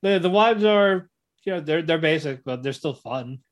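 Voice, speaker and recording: A man co-hosting a casual podcast, his voice sitting a little high for a man. He talks in loose, rambling bursts and keeps laughing as he recaps scenes. He often trips over his words and starts sentences again. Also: normal speed. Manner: animated retelling, acts out characters' lines with laughs; many fillers and restarts. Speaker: podcast co-host. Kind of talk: casual chat.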